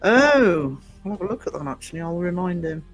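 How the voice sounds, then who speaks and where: A man's voice: high voice, big pitch swings, brisk, faint music behind. A man hosting a casual livestream, rambling through viewer comments with lots of ums and restarts. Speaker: livestream host and small publisher.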